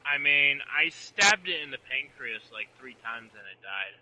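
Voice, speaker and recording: A man's voice: mid-range voice, animated, normal speed, pushed and bright, low-quality recording. A man chatting casually and joking dryly while playing a video game. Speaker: gamer. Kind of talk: casual gameplay chat.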